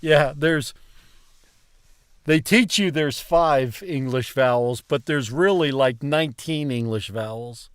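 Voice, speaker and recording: A man learning a language, chatting casually and slowly repeating words as he asks how to pronounce them. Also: mid-range voice, smooth, no room sound, clean studio sound. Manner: slow, questioning, repeats words to test pronunciation. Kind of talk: casual chat about pronunciation.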